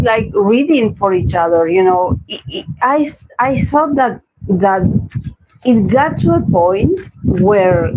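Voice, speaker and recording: A man's voice: very high-pitched, darkish tone, a little hiss or hum, poor audio. A man from Argentina with an Argentine Spanish accent, a tarot reader giving rambling, opinionated commentary in a casual livestream chat.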